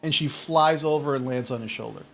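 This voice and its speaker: A man's voice: medium pitch, fairly quick, vocal fry, fairly bright tone, faint music behind. A man narrating a tabletop game as game master, casual and full of fillers.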